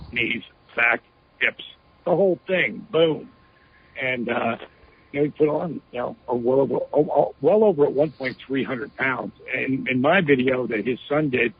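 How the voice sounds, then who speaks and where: A man's voice: mid-range voice, husky, dry recording. A man being interviewed, telling a story emphatically with lots of "you know" fillers over a phone line. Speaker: interview guest.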